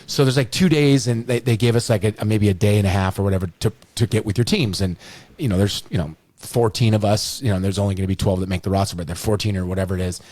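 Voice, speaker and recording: A man's voice: lowish voice, fairly even intonation, quick pace, darkish tone, no room sound. A middle-aged man hosting a podcast, telling stories in a rambling way, full of restarts and "you know.". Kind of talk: storytelling in casual chat.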